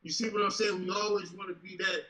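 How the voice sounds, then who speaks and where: A man on a podcast panel, explaining his point slowly and deliberately in casual, profane talk. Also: sits high, level tone, a crowd in the background, rough recording. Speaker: panel member.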